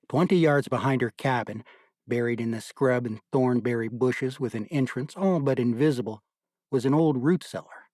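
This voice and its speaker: A man giving measured, scripted audiobook narration. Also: mid-range voice, darkish tone, no echo, studio quality.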